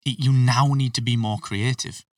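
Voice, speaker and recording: A man hosting a podcast, chatting casually and giving opinions with quick asides. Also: mid-range voice, fairly even intonation, no echo, studio quality, far from the mic. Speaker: podcast host. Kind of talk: casual chat.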